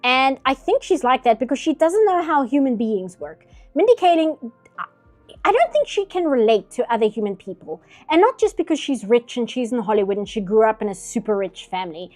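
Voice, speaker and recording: A slightly high-voiced woman chats through her art stream. She rants with strong opinions in a loose, chatty flow. Faint music plays behind her. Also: sing-song, fairly quick, a little mellow. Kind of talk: casual chat during an art stream.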